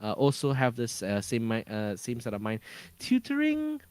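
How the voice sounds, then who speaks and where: A man's voice: medium pitch, wildly swooping pitch, moderate pace, a little mellow, clear, resonant tone, no echo. A man from Malaysia with a Malaysian English accent, a podcast guest talking casually, often hunting for words and restarting sentences. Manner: searching for words, many restarts and fillers.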